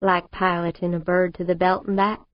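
A woman's voice: fairly low pitch, flat delivery, normal speed, no room sound, lightly acted. A woman narrator voicing a spirited, wisecracking young woman spacecraft pilot in an audiobook. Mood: cheeky. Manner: breezy, wisecracking. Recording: dull lo-fi audiobook recording.

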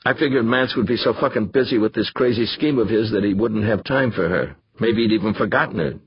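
A man's voice: fairly quick, breathy edge, dull audio. A man voicing a bitter, crude male biologist who talks curtly and swears. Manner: curt, swearing, low and tired.

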